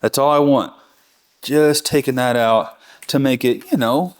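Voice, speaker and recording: Speaking in a smooth, mid-range voice with fairly even intonation and a measured pace, a barbecue instructor leads a casual live cooking lesson. He takes viewers through it step by step, chatty and enthusiastic, revising what he says as he goes.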